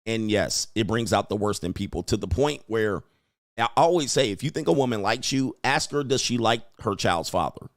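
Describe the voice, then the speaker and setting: A man's voice: lowish voice, animated, normal speed, no echo, studio quality. A man hosting a livestream commentary show, talking bluntly and emphatically and repeating his points for weight. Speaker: host.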